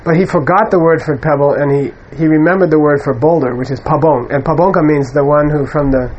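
A man's voice: a little high, steady tone, fast talker, a little mellow, husky, muffled recording. A man giving an informal spiritual teaching, telling stories in a conversational way, with frequent "you know". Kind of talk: informal dharma talk.

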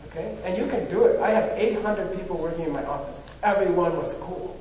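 A man's voice: high voice, a little fast, a little mellow, slight background noise. A man giving an informal spiritual talk, chatty and full of rhetorical questions and "you know". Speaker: spiritual teacher. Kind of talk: informal lecture. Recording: echoey hall from far off.

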